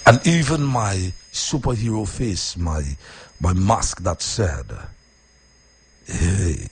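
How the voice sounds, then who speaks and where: A man who hosts radio, talking casually about his week, deep-voiced when calm and emphatic with repeated phrases. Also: slow pace, slight background noise. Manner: repetitive, emphatic, swings from quiet and low to high and animated. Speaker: radio host. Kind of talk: casual personal talk.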